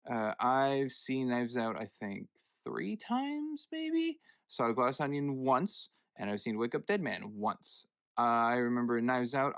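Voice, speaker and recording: A man's voice: medium pitch, a bit bright, no room sound. A man hosting a film podcast, chatting casually and handing turns to his co-hosts, often correcting himself. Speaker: podcast host. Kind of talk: casual chat.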